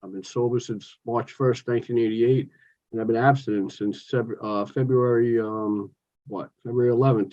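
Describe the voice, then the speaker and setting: A man's voice: medium pitch, a little mellow, muffled recording. A man, sharing his story at a recovery meeting in an outspoken, joking, chatty way. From New York. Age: 60s. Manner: outspoken, jokey, talks with his hands of stories and asides. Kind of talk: personal share at a recovery meeting. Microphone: phone.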